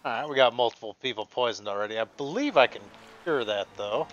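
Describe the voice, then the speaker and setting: A man's voice: mid-range voice, animated, fast, highs cut off, over music. Casual man commentating a game. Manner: thinks aloud, reads game text aloud. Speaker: gameplay host. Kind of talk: casual let's-play commentary.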